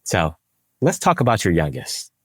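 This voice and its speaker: A man with a very deep voice hosts an interview, and his pitch rises and falls widely as he speaks. He encourages his guest with short affirmations. The recording is dry and close. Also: wildly swooping pitch, moderate pace, a bit bright, husky, dry recording. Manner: encouraging, often affirms with brief replies. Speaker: podcast host. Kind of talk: casual interview.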